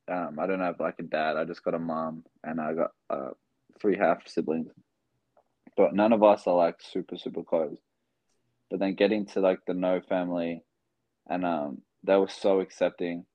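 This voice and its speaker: A young Australian man with a low voice rambles through stories as a guest in a casual interview, his speech thick with fillers. He's a basketball player, and the recording is dry, narrow and tinny.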